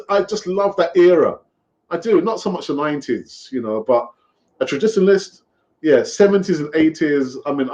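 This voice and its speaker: Hosting a fan live stream, a man with a somewhat high pitch and darkish tone keeps up loose, chatty talk. Fillers and laughter fill his casual rambling, heard through lo-fi stream sound.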